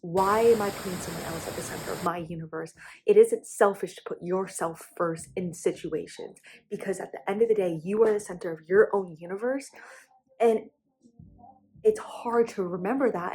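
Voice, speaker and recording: A woman's voice: medium pitch, darkish tone. A young woman speaking candidly to her channel in a personal confessional vlog, emotional and close to tears, with frequent restarts and fillers. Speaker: vlogger.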